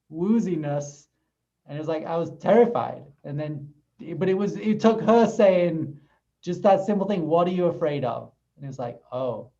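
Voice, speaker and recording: High-voiced man sharing earnestly, muffled sound. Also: mellow. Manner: earnest, laughs often while sharing a personal experience. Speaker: podcast co-host. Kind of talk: casual conversation.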